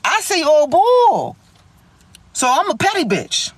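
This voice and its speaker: A young woman telling a story in a vlog, animated, slangy and full of swearing. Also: high voice, slow pace, no echo.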